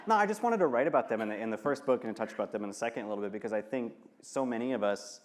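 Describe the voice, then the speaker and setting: A man in his thirties from Michigan, speaking candidly and earnestly onstage, often pausing and restarting and laughing between thoughts. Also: medium pitch, expressive. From Michigan, United States. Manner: earnest, halting, quick to laugh. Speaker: author and guest. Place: festival stage.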